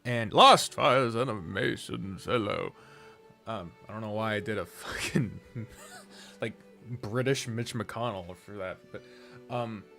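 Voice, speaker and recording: A man's voice: fairly low pitch, a bit bright. A man streaming a strategy game, chatting casually, swearing freely and rambling from topic to topic. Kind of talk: casual live-stream commentary while gaming.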